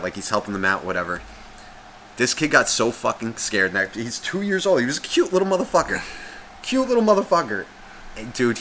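Animated, profane man in his 30s. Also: medium pitch, a little hiss or hum. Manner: animated, profane, acts out quoted voices. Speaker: podcast co-host. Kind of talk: casual storytelling chat.

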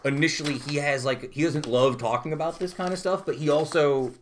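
A man's voice: fairly high pitch, a little fast, slight background noise. A man co-hosting a podcast in casual chat, reading trivia aloud and breaking off into joking asides. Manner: chatty, jokey, reads trivia aloud with asides. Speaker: podcast co-host.

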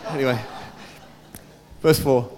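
A man's voice: mid-range voice, fairly even intonation, slow, a little mellow. A man preaching a sermon and reading scripture, chatting casually with his congregation between verses. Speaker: pastor. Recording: long hall reverb.

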